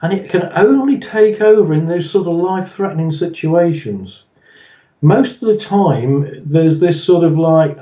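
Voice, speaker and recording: A male interview guest explains his ideas through short anecdotes, chuckling often and acting out the voices of people he quotes. His fairly high voice has a mellow, soft edge, and he speaks expressively at a moderate pace. The sound is dull and roomy, with the mic seemingly placed across the room.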